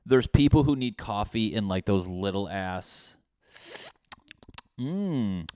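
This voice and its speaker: A man's voice: fairly low pitch, normal speed, a little mellow, clear, resonant tone, no room sound, studio quality. A young man hosting a solo comedy podcast, rambling and self-mocking, often slipping into silly put-on voices. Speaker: podcast host.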